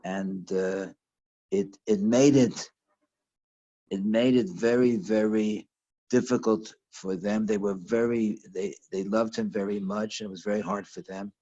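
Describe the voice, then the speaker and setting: A man teaching a lesson over a video call, telling a story in a halting way with lots of restarts and fillers. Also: on the low side, steady tone, dark tone, muffled recording. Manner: halting, repeats words, many fillers.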